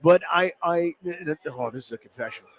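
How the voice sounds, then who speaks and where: A man hosting a live sports radio show from a sports bar, telling a story in an animated, self-mocking way. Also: on the high side, fairly quick.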